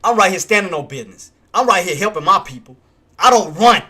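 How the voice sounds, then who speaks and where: A man hosting a live trading stream talks in an emphatic, streetwise way. His voice sits high with a bright, forceful edge. He repeats himself to drive each point home. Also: animated, fairly quick, husky. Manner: emphatic, repetitive, streetwise casual speech. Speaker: stock trading livestream host.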